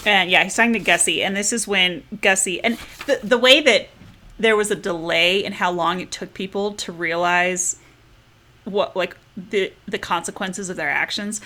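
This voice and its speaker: A woman chatting casually about a comic novel in a book discussion, animated and quick to laugh. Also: mid-range voice. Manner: animated, reads passages aloud in put-on voices. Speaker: book club member.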